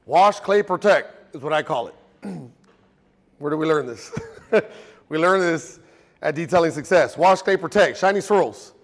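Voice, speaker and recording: A man's voice: a little high, lively intonation, measured pace, pauses often, big-room sound. A man teaching a car detailing class to a live group in a casual, joking, storytelling way.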